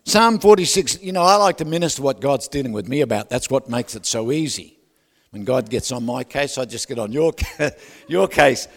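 A man preaching a sermon, loud and animated, who keeps asking the crowd for agreement and drops joking asides with laughs. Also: medium pitch, moderate pace, vocal fry. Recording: long hall reverb.

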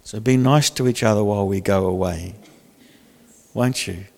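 A man's voice: lowish voice, moderate pace, gravelly, darkish tone, in a large hall. A male pastor preaching in a conversational way, joking and acting out little scenes. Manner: conversational preaching with jokes and acted-out quotes. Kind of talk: sermon.

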